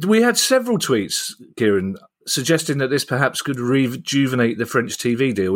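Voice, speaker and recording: A man's voice: mid-range voice, very animated, moderate pace, few pauses. A man hosting a podcast, bantering with his co-host in a wry, jokey way and introducing stories.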